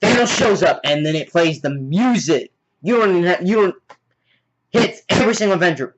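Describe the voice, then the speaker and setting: A man giving a casual movie review, retelling scenes as excited play-by-play with sound effects. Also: fairly high pitch, a little fast, a little hiss or hum. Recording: dull lo-fi recording.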